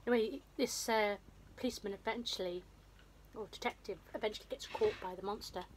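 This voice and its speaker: A woman's voice: medium pitch, fast, background noise. A woman casually retelling a film's plot in a rambling, self-deprecating way, with a runny nose. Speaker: vlogger. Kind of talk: casual film recap.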